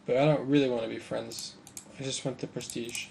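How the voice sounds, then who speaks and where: A man of ordinary pitch, thinking aloud and joking dryly as he plays a strategy game at his computer. Faint hiss sits under his voice, with keyboard clicks now and then. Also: fairly even intonation, fairly quick, creaky, darkish tone. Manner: musing aloud, mildly sarcastic. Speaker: gameplay commentator. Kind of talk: casual gameplay commentary.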